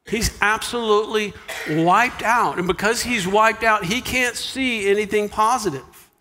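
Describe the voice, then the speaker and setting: A man preaching a sermon as pastor, animated, dropping to a hush for quiet lines. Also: high voice, unhurried, in a large hall. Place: church sanctuary.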